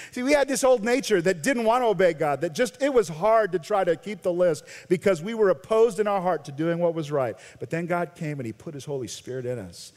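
An American man preaching a sermon as a pastor, animated, swinging between loud emphasis and quiet intensity. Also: high-pitched, fairly quick. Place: large church sanctuary. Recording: long church reverb.

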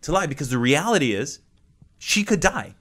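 A man's voice: on the high side, big pitch swings, brisk. Earnest man telling a heartfelt story. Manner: earnest, heartfelt, often hushed. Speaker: guest minister. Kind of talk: conversational storytelling.

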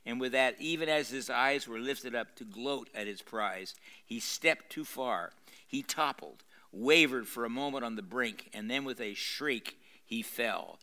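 A mid-range, bright, forward voice belongs to an older man, a pastor, who reads aloud from a novel during a live lecture in a university room. He dramatizes the text, stops to comment on what's happening, and fills gaps with hesitations and restarted phrases.

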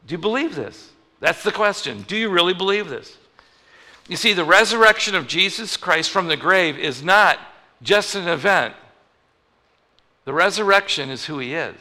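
A male pastor preaching a conversational sermon, moving from loud emphatic lines to hushed ones. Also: a little high, normal speed. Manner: conversational, animated, swings between loud and hushed. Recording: reverberant hall.

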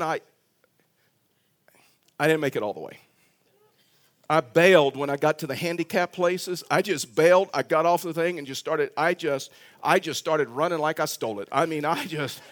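A middle-aged man, a pastor, telling a self-mocking story in a sermon with halting restarts. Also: a little high, a bit bright. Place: church sanctuary.

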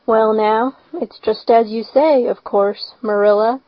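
A woman voicing a shy, gentle old farmer man who speaks slowly and haltingly. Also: a little high, no room sound. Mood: hesitant. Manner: slow, halting, reluctant. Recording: slightly dull lo-fi recording.

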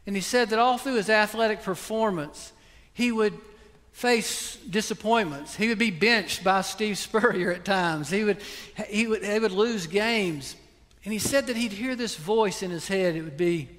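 An older man preaching a sermon as pastor, earnest and pleading, then praying softly. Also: high voice, moderate pace. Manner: earnest, pleading preaching that drops soft into prayer. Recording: long hall reverb.

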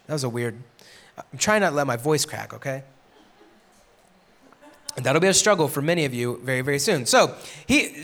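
A man's voice: high-pitched, fairly bright tone. A man teaching a casual Bible lesson to middle schoolers as a youth pastor, reading scripture aloud with asides and checking in with "right?". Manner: conversational, checks in with frequent "right?".

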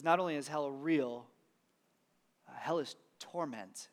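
A man's voice: medium pitch, a little slow. A man, a pastor, preaching a sermon in a conversational, emphatic way with casual asides.

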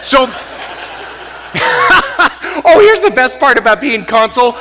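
A man telling comic stories on stage, animated and laughing often. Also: extremely high pitch, very slow, a little hiss or hum. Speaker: speaker. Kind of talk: comic storytelling talk. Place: stage in a large hall. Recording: long hall reverb.

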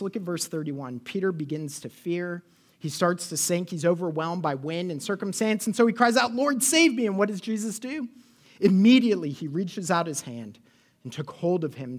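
A pastor delivers a sermon in a fairly high-pitched voice. He's animated, putting questions to the congregation and acting out the quotes he reads.

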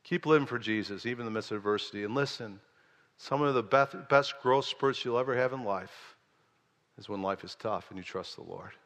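A man preaching a sermon as pastor, going from quiet storytelling to loud, rising exhortation. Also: fairly low pitch, brisk, long reverb tail. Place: church sanctuary.

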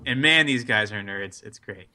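A man's voice: mid-range voice, lively intonation, unhurried, sharp tone. A man co-hosting a podcast, enthusiastic and casual as he recommends a show. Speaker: podcast co-host.

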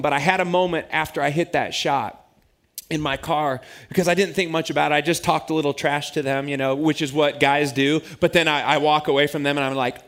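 A man in his forties, a pastor telling a story in a sermon with animated, self-mocking humor. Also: on the high side.

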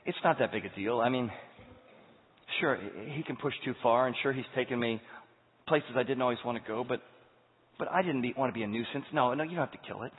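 A man voicing a weary male character who speaks quietly and haltingly, reluctant and unsure, from a tinny recording in an echoey hall. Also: mid-range voice, breathy edge, close to an everyday voice. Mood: hesitant. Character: weary, hesitant man bound to a habit.

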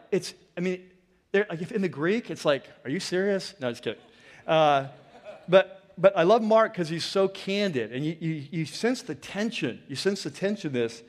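A man preaching a sermon as pastor, in a chatty, joking way that drifts into personal stories. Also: fairly high pitch. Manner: chatty, joking, digressive storytelling. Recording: long reverb of a large hall.

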